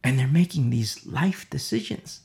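A man's voice: mid-range voice, lively intonation, measured pace, gravelly, a little mellow. A man preaching an informal sermon, impassioned and rambling, with many fillers and repeated phrases.

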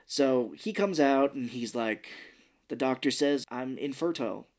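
A man's voice: medium pitch, measured pace, darkish tone. A man in casual podcast chat, retelling movie scenes and quoting the characters in put-on voices, with casual swearing and laughter. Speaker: podcast co-host.

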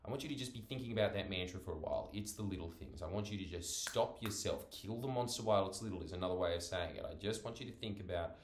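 Young guy, fairly low voice, loose profane podcast ramble, recorded in an echoey room. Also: fast talker, hardly any pauses, slight background noise. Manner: rambling, profane, self-interrupting. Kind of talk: casual monologue.

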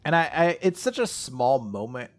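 A man's voice: mid-range voice, sing-song, moderate pace. A man co-hosting a podcast, chatting casually with an enthusiastic, joking manner and many fillers. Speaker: podcast co-host. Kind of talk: casual chat about a comic.

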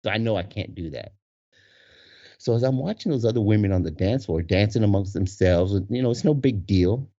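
A man telling a casual story with animated energy, laughing often and acting out the voices of the people in it. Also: fairly low pitch, a little fast. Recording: dull lo-fi recording.

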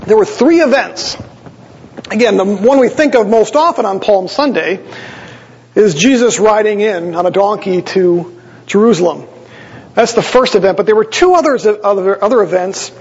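Male pastor, husky high voice, conversational sermon, dull recording with long reverb. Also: expressive, moderate pace. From Wisconsin. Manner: conversational, explanatory, with small asides to the congregation.

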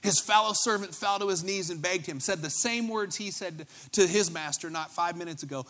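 A young man preaching a sermon in a lively, conversational way, joking and talking straight to the congregation. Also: high voice, moderate pace, hardly any pauses. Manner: animated, conversational preaching with asides and jokes. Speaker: pastor.

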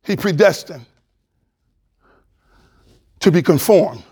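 A male pastor preaching a sermon with animated preaching that drops to a hush. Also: high voice, slow pace, slightly rough.

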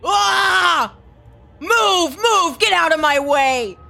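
A woman's voice: very high voice, lively intonation, drawn-out words, creaky, pushed and bright, raised voice, faint music behind, full character voice. A woman voicing an arrogant, scornful centipede-crab monster spirit in a tabletop game. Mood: furious. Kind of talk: tabletop role-play voice acting.

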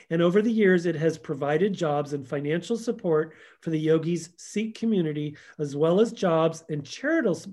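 A man telling stories as a guest in a conversational interview, acting out quotes and trailing off softly. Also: on the high side.

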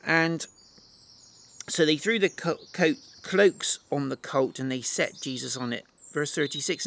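A man preaching a sermon, reading Bible verses aloud and then explaining them in an animated, conversational way. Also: fairly high pitch, moderate pace, gravelly, no echo.

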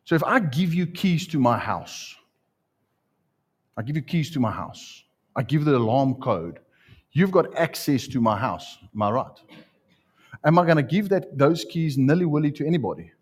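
Animated husky-voiced male preacher. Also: fairly high pitch, moderate pace. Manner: animated storytelling with live demonstration. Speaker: pastor. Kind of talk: sermon. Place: church before a congregation.

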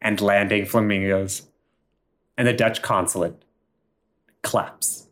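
Man narrating improv comedy, animated. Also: fairly low pitch, takes it slowly. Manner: animated, laughing, theatrical. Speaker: podcast host.

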